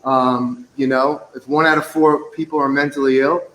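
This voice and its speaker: A man's voice: medium pitch, little pitch movement, normal speed, fairly bright tone, a little hiss or hum. A man in casual chat, candid, plain-spoken and reflective. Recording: echoey room.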